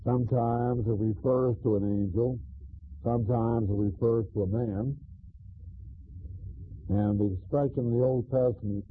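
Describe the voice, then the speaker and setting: A man with a husky voice teaches through scripture verse by verse, steady and measured, pausing often on "uh". The recording is thin and phone-like, as if from an old tape. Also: fairly low pitch. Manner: measured teaching with frequent "uh" pauses. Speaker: Bible teacher. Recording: tinny phone-like sound.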